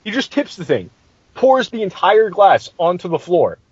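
A man's voice: high voice, very animated, normal speed, darkish tone, slightly rough, dry recording, highs cut off. A man hosting a podcast, telling a tabletop game story in a casual, profane and exasperated way.

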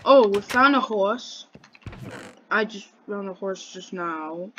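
A woman's voice: mid-range voice, slow pace, slight background noise. A woman giving casual, jokey commentary on her game, rambling and talking to her character. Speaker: gamer. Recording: muffled mic with loud keyboard clicks.

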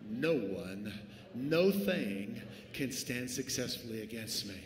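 A man preaching a sermon as pastor, swinging from hushed lines to shouts. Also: mid-range voice, animated, slow pace. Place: church sanctuary. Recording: echoey church hall, faint ambience.

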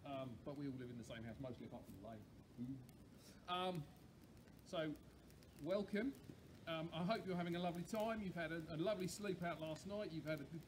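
A man's voice: fairly high pitch, a little hiss or hum. Chatty man leading a campfire. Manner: cheerful, chatty, quick asides. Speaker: campsite warden leading a campfire. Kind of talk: campfire sing-along hosting. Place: outdoors at a campfire.

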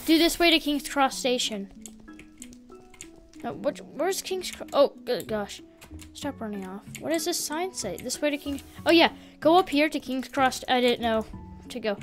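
A woman's voice: sits high, animated, moderate pace. A woman chatting casually while gaming, guiding a friend and breaking off with constant "wait"s and restarts. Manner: scattered, restarts with many "wait"s. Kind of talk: casual gameplay chat. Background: faint game music.

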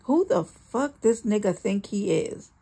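A woman reading aloud, voicing a volatile, abusive male partner who swings between shouting curses and pleading. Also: medium pitch, expressive, unhurried, gravelly, slightly rough, exaggerated voice. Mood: furious.

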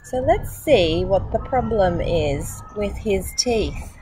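Slow, animated Australian woman. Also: mid-range voice, slight background noise, low-quality recording. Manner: animated, exclamatory, talks to young listeners. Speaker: storytime host. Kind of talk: reading a picture book aloud with chatty asides.

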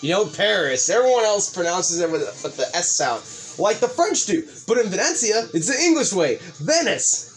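A man hosting a let's play, commentating excitedly with frequent swearing and sudden outbursts. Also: high-pitched, normal speed, faint music behind. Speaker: gaming video host.

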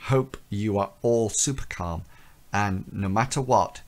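A man, a vlogger telling a personal story in an animated way, his voice lifting as the tension builds. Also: fairly low pitch, measured pace.

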